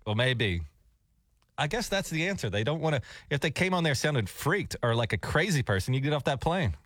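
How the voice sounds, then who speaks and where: A man's voice: on the high side, big pitch swings, a little fast, fairly bright tone, no echo, studio quality. A man hosting a morning radio show, chatting in an easygoing way and reading station promos. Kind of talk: casual radio banter.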